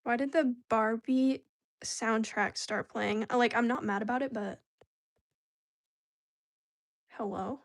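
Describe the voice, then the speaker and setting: A woman's voice: on the high side, fairly even intonation, slow, pauses often. Chatty, slangy woman craft vlogger. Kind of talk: casual chat while crafting.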